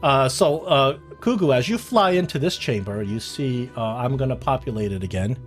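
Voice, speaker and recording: Halting man running a tabletop game. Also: mid-range voice, lively intonation, soft background music. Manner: halting, with many restarts and fillers. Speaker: game master.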